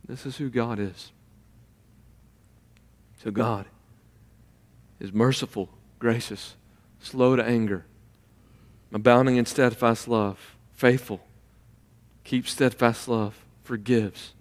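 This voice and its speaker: Guy preaching in a church, avg pitch, gets loud and high when he pushes a point, long echo off the room. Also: steady tone, takes it slowly, pauses often. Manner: acts out quoted voices mid-sermon. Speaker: pastor. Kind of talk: sermon. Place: church sanctuary. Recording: long reverb of a large hall.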